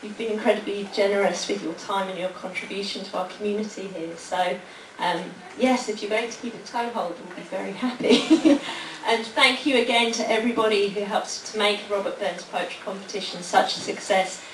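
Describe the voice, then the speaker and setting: A woman's voice: mid-range voice, steady tone, fairly quick, hardly any pauses, recorded from a distance, slight background noise. New woman reading aloud in an echoey hall. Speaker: library event host and poem reader. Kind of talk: live public poetry reading and thanks. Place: library hall at a lunchtime public event.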